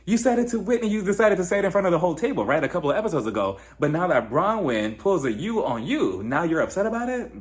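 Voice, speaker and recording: A young man reviews a reality TV episode in a casual, gossipy recap. His voice sits a little high and swings widely in pitch. He acts out the cast members' lines as he goes. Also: quick pace, few pauses. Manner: animated, acts out cast members in quoted voices, laughs often.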